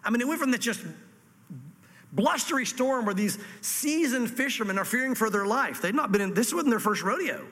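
A man preaching an expository sermon, animated, reading scripture dramatically and dropping to hushed asides. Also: very high-pitched, a little fast, in a large hall. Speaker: pastor.

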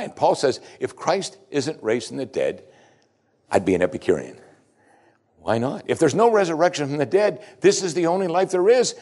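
Very animated and moving at a moderate pace, a man preaches in a homespun, straightforward way. Rhetorical questions fill his sermon, which alternates between forceful loud outbursts and hushed side remarks.

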